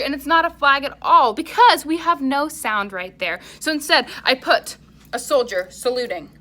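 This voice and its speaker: A woman leads young children through a music lesson, chanting and singing along with them and offering lots of encouragement. She speaks slowly, clearly and warmly in a slightly high voice, with a little hiss or hum on the recording.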